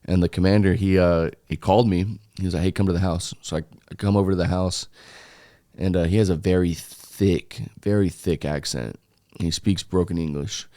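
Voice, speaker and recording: A young man with a fairly low voice tells his story in a relaxed interview. He talks in an animated way, stumbling over restarts and dropping the odd swear word. The recording is close and dry. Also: moderate pace, no echo. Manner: animated retelling, frequent restarts and casual swearing. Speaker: interview guest, foreign volunteer fighter.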